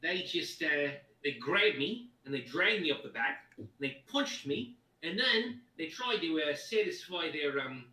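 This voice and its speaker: A man voicing a shifty male halfling prisoner who pleads and protests in a high, whining voice. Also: lively intonation, measured pace, bright, forceful tone. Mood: whining pleading. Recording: echoey room, voice far from mic.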